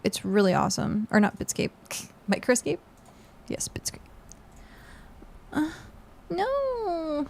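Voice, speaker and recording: A woman's voice: medium pitch, animated, a little slow, vocal fry, pauses often. A woman game streamer chatting casually with her viewers, tired and congested, with lots of fillers. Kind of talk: casual live-stream chat.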